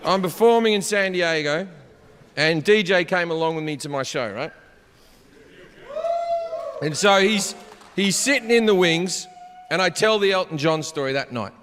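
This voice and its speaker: A man with an Australian accent doing stand-up, telling a crude story and jumping into shouted punchlines. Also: sits high, lively intonation, normal speed, long pauses, slight background noise. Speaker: stand-up comedian. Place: large concert venue on stage. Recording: live hall reverb with faint crowd ambience.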